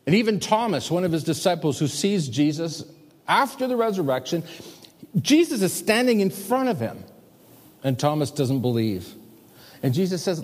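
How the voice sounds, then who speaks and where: A man's voice: a little high, big pitch swings, normal speed. Emphatic male pastor in echoing hall. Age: 50s. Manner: emphatic, swings between loud and hushed. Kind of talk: sermon. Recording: long hall reverb.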